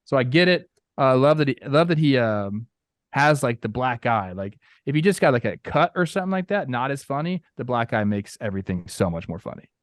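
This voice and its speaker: A man co-hosting a sports talk show, telling joking stories in an animated way. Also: mid-range voice, a little fast, no room sound, clean studio sound. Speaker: co-host.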